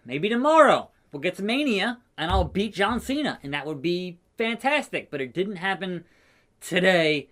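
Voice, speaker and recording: High-voiced excitable gaming commentator, man. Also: moderate pace. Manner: excitable, talks trash to opponents. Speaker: gaming YouTuber. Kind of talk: let's play commentary.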